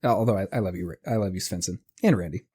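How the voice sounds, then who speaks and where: A man's voice: sits low, fast talker, dark tone, slightly rough. A man co-hosting a comedy podcast, giggly and teasing, often laughing mid-sentence. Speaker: podcast co-host. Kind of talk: casual comedic chat.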